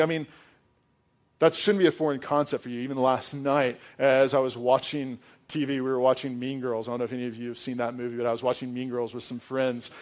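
A young adult man preaching a sermon as pastor, earnest and conversational, with casual asides. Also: mid-range voice.

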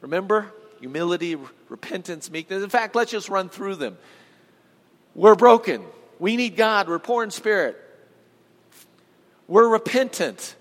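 A man's voice: high-pitched, animated, moderate pace, fairly bright tone. A male pastor preaching a sermon with emphatic, repeated phrases, calling on his congregation to answer him. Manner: emphatic, calls on the congregation to respond. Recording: long reverb of a large hall.

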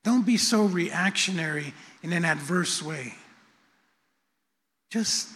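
A patient, gently coaching spirit , as a preacher puts him on, speaking in a fairly high male voice at an unhurried pace. The long reverb of a church hall trails behind every phrase. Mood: coaxing. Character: calm patient male Holy Spirit guiding.

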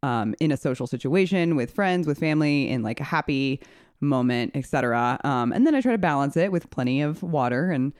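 A woman's voice: low-pitched, lively intonation, a little fast, darkish tone, no room sound, studio quality. Chatty woman podcast co-host. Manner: chatty, filler-heavy, laughs easily. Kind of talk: casual podcast chat.

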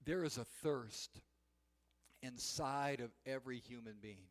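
A man preaching a sermon, telling the story in an animated way and shouting the quoted cries. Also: mid-range voice, measured pace. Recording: long hall reverb.

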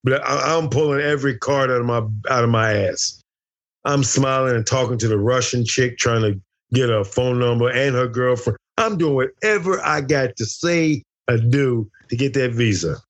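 A man's voice: medium pitch, normal speed. A middle-aged American man telling a wild story as an interview guest, boisterous and profane, acting out the dialogue. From United States. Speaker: interview guest, former fighter.

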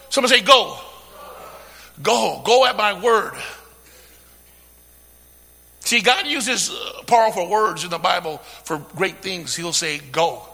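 A man preaching a sermon, using call-and-response, swinging from hushed talk to shouting. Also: high-pitched, expressive, slow pace, vocal fry, long pauses, breathy edge, long reverb tail. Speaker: pastor.

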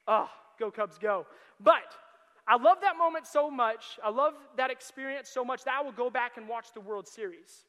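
Young youth pastor guy preaching, really high bright voice, big echoey hall. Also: normal speed. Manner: animated storytelling, shouting excited quotes. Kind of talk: sermon. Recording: long hall reverb.

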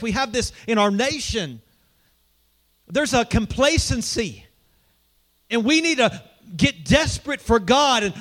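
Male pastor, sermon, quite high voice, conversational, questions to the congregation, church. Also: fairly bright tone.

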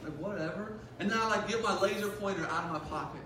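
A young man giving a sermon as a youth pastor, telling a funny school story in an animated way with lots of "like". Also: high voice, quick pace, noisy background. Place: large hall. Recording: echoey hall, mic at a distance.

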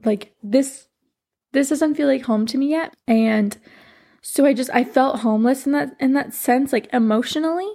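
A woman's voice: sits high, moderate pace, mellow. A woman in her twenties, a podcast host and life coach, telling a personal story in a rambling, earnest way full of "like". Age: 20s. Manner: rambling, heavy on "like", emotional and earnest.

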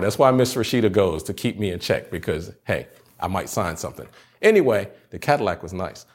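A young pastor with a lowish male voice delivers a relaxed sermon straight to camera for students. He talks like he's chatting with friends and tells stories with easy humor. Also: fairly quick, husky. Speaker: youth pastor. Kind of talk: casual sermon to students on video.

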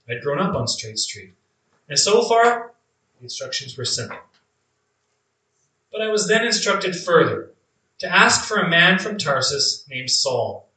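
Brief: male actor as a devout, beaten prisoner of faith, earnest and reflective, a bright voice with plenty of room echo and a distant mic. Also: fairly high pitch. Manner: earnest, reflective, with drawn-out emphatic phrases. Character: male early believer, imprisoned, beaten, blinded, devout. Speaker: actor in a first-person monologue. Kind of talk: dramatic monologue.

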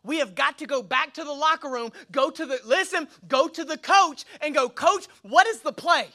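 A young man preaching a sermon as pastor, energetic and colloquial, with slang and rhetorical questions. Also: extremely high pitch, normal speed.

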